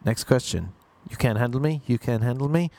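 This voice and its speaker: A man's voice: medium pitch, lively intonation, fairly quick, mellow, lightly acted. A man doing a rude, taunting young woman. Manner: taunting, abrasive.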